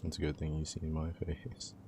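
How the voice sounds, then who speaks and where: A man's voice: rumbling low, completely flat delivery, moderate pace, noisy background. A young man livestreaming, joking and teasing his viewers in laid-back, casual chat, often laughing.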